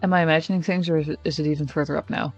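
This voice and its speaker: A man's voice: on the high side, fairly even intonation, rapid-fire, muffled recording, soft background music. A man streaming, reading a text game aloud in first person with casual, wry asides. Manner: casual, wry asides between narrated lines.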